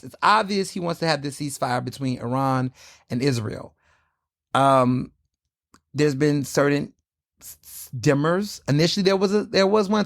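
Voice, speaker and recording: A man's voice: no room sound, clean studio sound. Sassy man hosting a podcast. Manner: candid, sassy, swears freely, wide swings in pitch. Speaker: podcast host. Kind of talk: solo podcast commentary.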